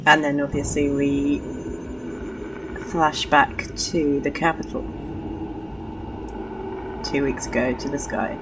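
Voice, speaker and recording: A woman's voice: sits low, level tone, slow pace, pauses often, over music. A woman streaming a game, chatting casually, giggling often and poking fun at herself. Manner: giggly, chatty, self-deprecating. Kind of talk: casual let's-play commentary. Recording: voice somewhat far from the mic.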